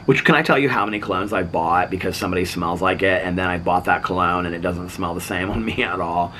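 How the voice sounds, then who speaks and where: A man tells a rambling story to his camera, chatty and animated, leaning on "like" and "so anyway." His voice sits a little low but comes across bright and forceful, with a faint hiss of noise behind it. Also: quick pace. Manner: chatty, animated, acts out other people's lines; filler-heavy, lots of "like" and "so anyway". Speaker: vlogger. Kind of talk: casual storytelling.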